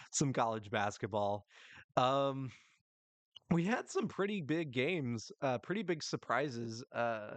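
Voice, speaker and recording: A man's voice: mid-range voice, no echo. A young man hosting a solo sports podcast, talking casually and rambling, with lots of ums and small laughs. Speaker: podcast host.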